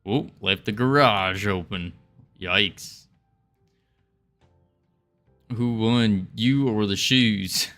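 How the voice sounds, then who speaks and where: A man's voice: lowish voice, takes it slowly, fairly bright tone, soft background music. A man streaming his game development, chatting casually and reading chat aloud, chuckling often as he rambles. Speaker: game dev livestreamer.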